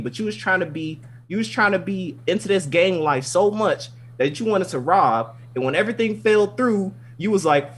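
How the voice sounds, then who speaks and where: A man co-hosting a podcast, casually recapping an anime episode in an animated, profane, rambling way. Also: sits high, normal speed, few pauses, husky. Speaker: podcast co-host.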